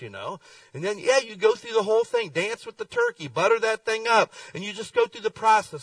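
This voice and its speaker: A middle-aged man preaching a sermon, telling folksy stories with lively swings in his voice. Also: sits high, fairly quick, gravelly, no echo, recorded from a distance, low-quality recording. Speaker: pastor. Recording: dry sound, speaker away from the mic.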